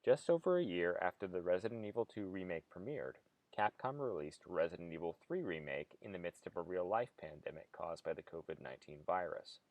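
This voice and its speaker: A man with a low, deep voice narrates a video essay from a script. His delivery is measured and analytical. The sound is close and dry, with no room around it. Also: animated, a little mellow, no echo.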